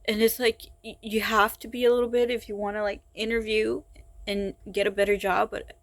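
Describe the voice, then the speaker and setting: A woman speaking in a personal vlog, tired and frustrated, talking haltingly with many sighs and restarts. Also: mid-range voice, little pitch movement, no room sound. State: exhausted and frustrated. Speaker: vlogger.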